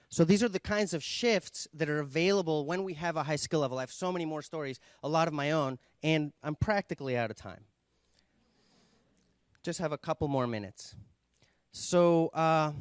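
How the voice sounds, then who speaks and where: Trainer guy giving a talk, slow and reflective, fairly high voice, dry close sound. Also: dry recording. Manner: measured, reflective, with thoughtful pauses. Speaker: nonviolent communication trainer. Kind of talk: invited talk.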